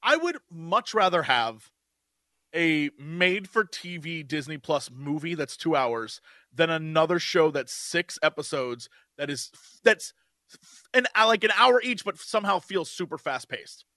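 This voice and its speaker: High, lively-voiced man chatting eagerly. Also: unhurried, no room sound, studio quality. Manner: casual, enthusiastic, loose with filler words. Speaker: podcast co-host. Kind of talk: casual chat.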